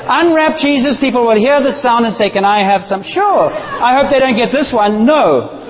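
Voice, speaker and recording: A man preaching a sermon in a church, passionate and animated, with playful asides to the congregation. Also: very high voice, big-room sound, lo-fi sound. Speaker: pastor.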